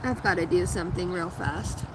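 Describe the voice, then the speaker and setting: A woman's voice: fairly low pitch, steady tone, normal speed. A woman in her thirties or forties reading tarot cards live, chatting loosely with viewers and swearing freely. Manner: loose, profane, laughing, reading chat aloud. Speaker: tarot reader streaming live. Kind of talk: casual live-stream chat and card reading. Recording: loud background noise.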